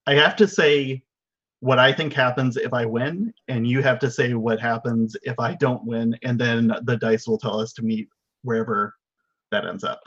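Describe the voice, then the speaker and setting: A man's voice: medium pitch, fairly even intonation, moderate pace, a bit bright. A man playing a tabletop game, describing his character's moves in a rambling way with many fillers. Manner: rambling, lots of "like". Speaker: player. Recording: muffled lo-fi audio.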